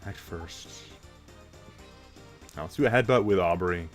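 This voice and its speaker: A man giving quiet, low-key let's play commentary, thinking aloud as he plays. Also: unhurried, loud music behind the voice. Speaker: gamer.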